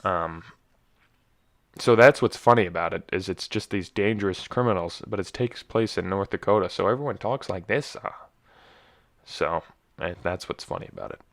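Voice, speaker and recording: A man's voice: low-pitched, a little fast. A young man hosting a casual solo podcast, rambling and joking, often stumbling and correcting himself. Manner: rambling, self-correcting, jokey. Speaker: podcast host.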